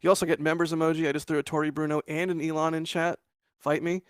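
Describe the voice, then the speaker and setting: A man co-hosting a casual live show, upbeat and quick to laugh, with many fillers. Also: on the high side, flat delivery, clear, resonant tone, no echo, studio quality. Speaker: co-host.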